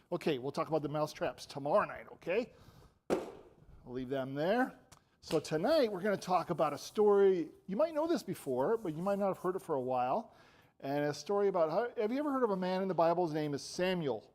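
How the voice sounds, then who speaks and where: Older guy in a church telling kids a bible story, lively, asks them questions, slightly high voice. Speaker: visiting preacher.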